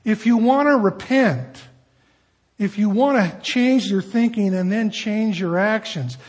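A man's voice: high voice, measured pace, breathy edge. A middle-aged man preaching a sermon in a conversational, emphatic way with rhetorical questions.

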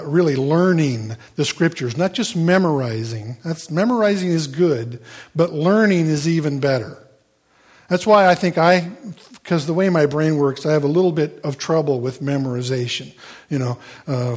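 A middle-aged man preaching a sermon in a loose, conversational way. He talks with frequent fillers and restarts and throws playful asides to the congregation. His voice sits a little on the high side. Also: normal speed, a little mellow. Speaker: pastor.

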